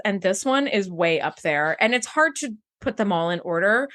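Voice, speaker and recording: Woman podcast co-host, animated pitch swings, gushing and emotional, chatty delivery. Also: fairly quick, hardly any pauses. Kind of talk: casual chat about a TV episode.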